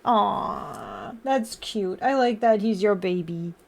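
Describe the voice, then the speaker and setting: A woman's voice: mid-range voice, animated, slow, vocal fry, a little mellow. A young woman livestreaming, chatting with viewers and talking baby talk to her cat. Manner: playful baby talk to a pet. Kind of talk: casual chat with chat and her cat.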